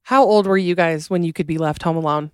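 A woman's voice: on the low side, fairly quick, clear, resonant tone, dry recording. Giggly woman podcast host, dry sound. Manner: animated, giggly. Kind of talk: casual chat and reading listener stories. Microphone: podcast microphone.

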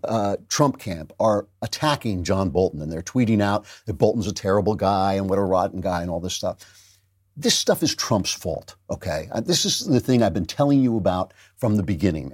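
A man's voice: mid-range voice, darkish tone. A man hosting his own podcast, delivering indignant, sarcastic political commentary with frequent laughs. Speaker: podcast host.

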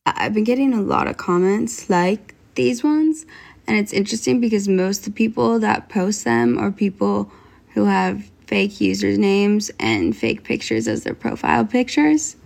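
Earnest young woman with vocal fry. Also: mid-range voice, lively intonation, normal speed. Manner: earnest, open, soft-spoken. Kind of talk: talking to camera in a social media video.

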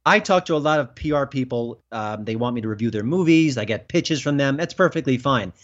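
A man being interviewed as a film critic, talking emphatically and rising in pitch when indignant. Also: animated, fairly quick. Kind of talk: political interview. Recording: dull lo-fi sound.

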